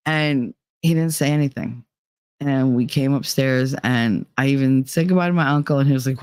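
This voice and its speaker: A woman's voice: a bass voice, moderate pace, darkish tone, smooth, dry recording. A woman hosting a podcast, telling personal stories in a candid, profane, laughing way. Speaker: podcast host. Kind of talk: casual personal storytelling.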